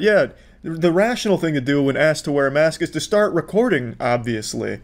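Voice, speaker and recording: A man doing sarcastic video commentary in a deadpan, mocking voice, swearing freely. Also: a little high, fairly quick. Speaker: commentary host.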